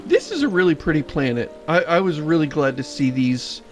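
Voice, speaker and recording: Woman, casual game commentary, lively intonation, music in the background. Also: low-pitched, fairly quick. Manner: enthusiastic, chatty. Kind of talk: casual chat over gameplay.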